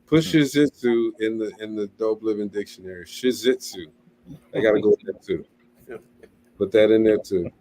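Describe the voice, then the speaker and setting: A man's voice: on the low side, normal speed, mellow, slight background noise. A man co-hosting a casual live stream, joking and laughing with friends. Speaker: co-host.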